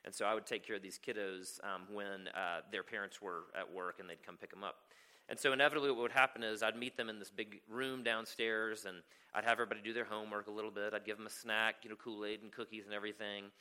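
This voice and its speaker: A man's voice: lowish voice, bright, forceful tone. A man preaching a sermon as a pastor, telling a story and often checking in with "right?". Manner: storytelling, keeps asking "right?".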